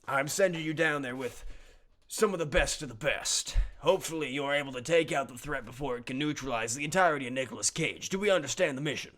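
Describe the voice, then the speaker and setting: Man playing a brain commander in a tabletop game, formal and brisk as he briefs the troops. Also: mid-range voice, fairly bright tone, lightly acted.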